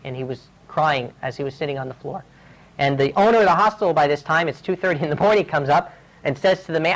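A man's voice: on the high side, fast, poor audio. Male preacher, sermon voice, earnest storytelling, urgent delivery. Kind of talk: sermon with personal stories.

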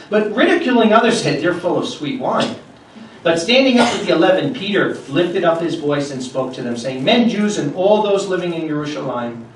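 Man, sermon, high lively voice, echoey room, a bit off-mic, faint hum behind. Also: distant mic. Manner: animated, rises loudly when reading scripture. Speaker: preacher. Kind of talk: sermon with scripture reading.

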